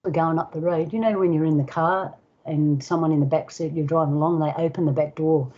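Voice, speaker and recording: An older woman with an Australian accent, a guest elder telling a personal story in unhurried casual talk, acting out voices and sounds. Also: low voice, fairly even intonation, highs cut off. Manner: unhurried, acts out dialogue and sounds.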